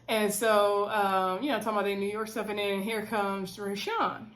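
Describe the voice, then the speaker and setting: A woman's voice: mid-range voice, level tone, normal speed, a bit bright. Woman doing a reality show recap from home, chatty, laughs a lot, keeps saying y'all. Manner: chatty, addresses viewers as y'all, laughs often. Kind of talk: casual episode review chat. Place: at home on her bed.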